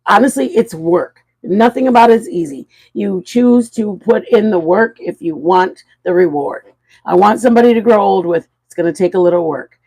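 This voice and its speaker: A woman's voice: mid-range voice, expressive, moderate pace, darkish tone, husky, rough recording. A woman hosting a live stream, chatting frankly and animatedly with her viewers. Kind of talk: casual chat to viewers.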